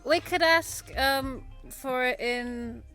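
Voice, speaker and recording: A woman's voice: high voice, slow, over loud music. A woman playing in a tabletop game, joking around and laughing a lot. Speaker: player. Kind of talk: tabletop role-play chat.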